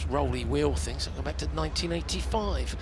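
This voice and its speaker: A male rallycross commentator, hoarse and tired, chatting warmly and emotionally on a live broadcast. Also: a little high, a little fast, background noise. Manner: chatty, emotional, laughs often. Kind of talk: casual live broadcast chat.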